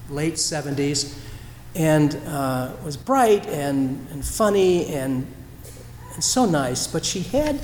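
Guy preaching, kinda reflective, lots of pauses, big roomy church echo. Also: fairly high pitch, slight background noise. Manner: reflective, storytelling with pauses and restarts. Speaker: pastor. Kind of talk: sermon. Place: church sanctuary.

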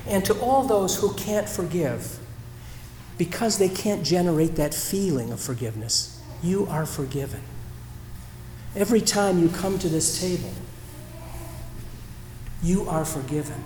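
Guy preaching, kinda reflective, lots of pauses, big roomy church echo. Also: high voice, lively intonation, warm tone, a little hiss or hum. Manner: reflective, storytelling with pauses and restarts. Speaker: pastor. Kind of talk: sermon. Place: church sanctuary.

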